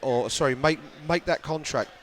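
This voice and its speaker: A man's voice: fairly high pitch, normal speed. A man from the UK, a journalist guest in a casual podcast chat, talking thoughtfully and often restarting his phrases.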